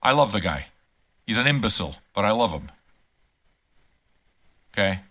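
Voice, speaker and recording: Bright-voiced older man ranting playfully. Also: lowish voice, sing-song, normal speed. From Quebec. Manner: profane, teasing, rants loudly at times. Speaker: channel host. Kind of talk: casual live-stream monologue.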